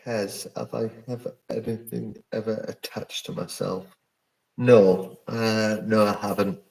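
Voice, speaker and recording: A man working as a paranormal investigator, talking to a live stream in a hushed, rambling way with many ums, alone indoors at night and recording on a phone. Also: on the low side, little pitch movement, unhurried, vocal fry, poor audio. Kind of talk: live stream, answering chat.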